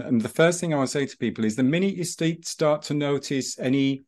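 A man who teaches breathing and running, telling stories in a relaxed podcast chat with many restarts. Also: fairly high pitch, brisk. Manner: storytelling, rambling with restarts.

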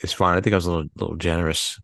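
A man co-hosting a casual movie podcast, animated and teasing, with a lot of swearing. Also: deep voice, racing, creaky, dry recording, clean studio sound. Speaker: podcast co-host. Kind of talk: casual chat.

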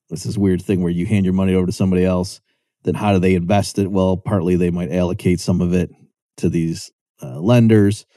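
This economics lecturer has a mellow voice, recorded at studio quality with no room sound. His explanations are conversational: he throws in a rhetorical "right?" and pitches his voice up to perform quoted remarks.

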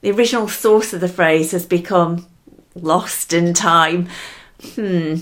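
A woman's voice: fairly low pitch, unhurried. A woman hosting a solo podcast, chatty and giggly, talking straight to the listener. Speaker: podcast host. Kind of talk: upbeat solo podcast talk.

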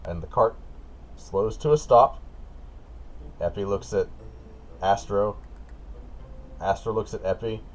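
A man running a tabletop game as game master, setting scenes in a relaxed, patient way. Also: lowish voice, slow, long pauses, slight background noise.

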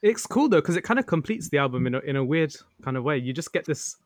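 A man's voice: fairly high pitch, expressive, quick pace, no room sound, clean studio sound. A man co-hosting a music podcast, chatting enthusiastically and laughing easily. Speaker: podcast co-host. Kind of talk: casual chat.

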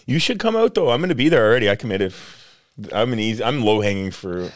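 A man's voice: fairly low pitch, expressive, fast talker. Laid-back co-host man. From Canada. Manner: laid-back, chimes in, runs the show. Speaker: podcast co-host. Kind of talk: casual chat.

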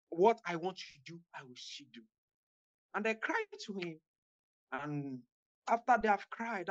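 Woman evangelist, fervent repetitive preaching, mid-pitched, dull recording. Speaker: guest evangelist.

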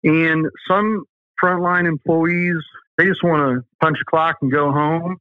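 A man's voice: fairly high pitch, steady tone, unhurried, dry recording. Southern guy talking safety biz, punchy folksy, sounds like a phone line. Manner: emphatic, folksy storytelling. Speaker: guest, safety company owner. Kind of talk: interview talk.

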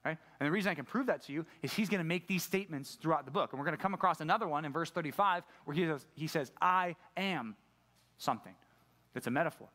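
A man's voice: a little high, quick pace, pushed and bright. Man preaching in a casual, questioning way. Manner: conversational preaching, asks the audience questions. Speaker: pastor. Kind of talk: sermon.

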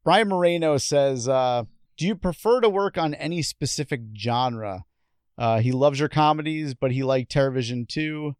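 A man's voice: fairly high pitch, moderate pace, clear, resonant tone, no room sound, clean studio sound. A man hosting a casual interview, joking along and reading out listener questions. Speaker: podcast host.

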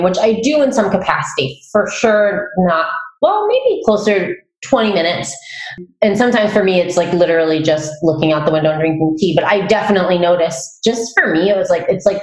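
A woman hosting a casual conversation, chatty and quick to laugh, telling stories with animation. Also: lowish voice. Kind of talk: casual chat. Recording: echoey room.

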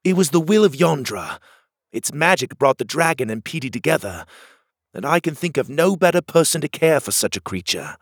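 Gentle reassuring critter hero by a guy narrating, a bit raspy. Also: on the high side, very animated, normal speed, no echo, studio quality, voice pushed up, exaggerated voice.

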